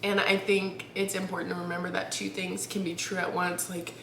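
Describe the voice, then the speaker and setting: A young woman vlogs from her bed, talking candidly into a camera she holds up. She is close to tears and keeps restarting her sentences. Her voice is bright, and the room is echoey with a faint hum behind her. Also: on the low side, little pitch movement, vocal fry. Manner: candid, halting, restarts, laughs through near tears. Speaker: vlogger. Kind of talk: casual vlog talk to camera. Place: at home, in bed. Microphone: camera held up.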